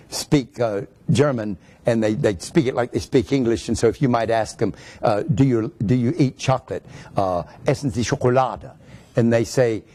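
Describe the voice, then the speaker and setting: A man's voice: medium pitch, warm tone. A man, a pastor, teaching a sermon that explains grammar step by step and stresses his points.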